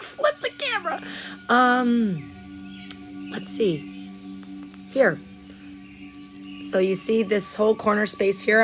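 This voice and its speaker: A woman chatting casually to viewers on an outdoor live stream, calling them darling, with gentle guided breathing. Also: fairly low pitch. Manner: affectionate, calls viewers darling and lovelies. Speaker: livestream Reiki practitioner. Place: outdoors at sunrise. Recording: music playing in the background.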